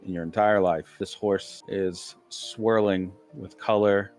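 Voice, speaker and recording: A man running a tabletop role-playing game as game master, narrating the scene in a deadpan, descriptive way. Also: fairly low pitch, takes it slowly, faint music behind.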